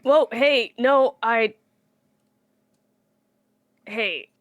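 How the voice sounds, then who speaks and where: A woman's voice: a little high, extremely slow, no room sound, highs cut off. Blunt, swearing woman in a tabletop game. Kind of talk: casual role-play.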